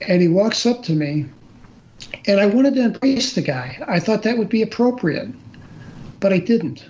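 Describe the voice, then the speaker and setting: This older man, appearing as a guest storyteller, has a high, a little mellow voice and talks animatedly at normal speed. His personal story comes out plain and earnest, full of restarts and fillers, on slightly dull audio with faint noise.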